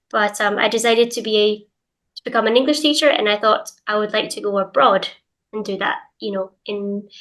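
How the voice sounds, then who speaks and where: Heard on a low-quality recording, this young Scottish woman from Glasgow has a mid-range, slightly bright voice and a light Glaswegian accent. An English teacher appearing as an interview guest, she chats casually, full of hedges and fillers.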